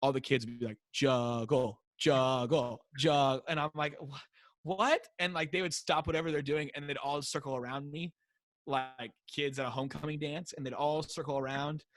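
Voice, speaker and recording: An American man, a high school teacher, telling classroom stories in a casual interview and acting out the kids' voices. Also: a little fast, no echo. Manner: animated storyteller, acts out kids chanting. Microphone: wearing a mic.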